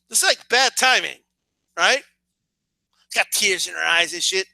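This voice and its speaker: A man in a casual comedic rant, profane and animated, who keeps asking "right?" to his listeners. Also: high-pitched, a little slow, gravelly, pauses often, no room sound. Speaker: vlogger.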